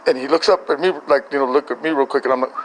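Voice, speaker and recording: A man's voice: medium pitch, very fast, slight background noise, rough recording. An older man, a grandfather, telling a family story in a casual voice message, rambling and chuckling through many restarts.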